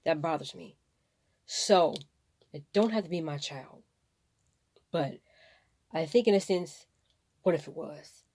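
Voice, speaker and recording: A woman's voice: low-pitched, takes it slowly, pauses often, darkish tone. A woman vlogging about something that upsets her, rambling and impassioned, fighting back tears. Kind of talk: emotional personal vlog.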